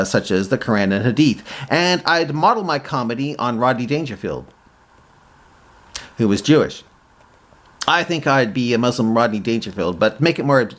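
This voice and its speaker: A man rambling casually as a vlogger, with a pitch that is lower than his comic voice but still moves around a lot. He stops and restarts often and pads his sentences with hesitations. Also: fairly bright tone.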